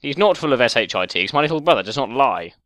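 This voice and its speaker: A man's voice: medium pitch, big pitch swings, very fast, a bit bright, no room sound. A man putting on a posh British voice as a fussy, indignant older brother over voice chat. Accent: put-on posh British. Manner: fussy, indignant, overly polite.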